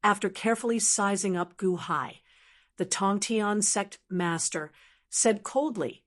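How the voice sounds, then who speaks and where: A woman's voice: mid-range voice, measured pace. Woman narrating a fantasy audiobook.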